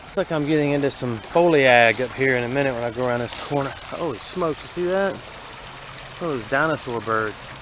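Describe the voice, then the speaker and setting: A man's voice: medium pitch, normal speed, background noise. Folksy Southern man wading a creek. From Alabama. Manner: rambling, folksy, thinks aloud about his finds. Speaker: vlogger exploring a creek. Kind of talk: casual walking narration. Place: outdoors wading in a city creek. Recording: outdoor camera audio with running water.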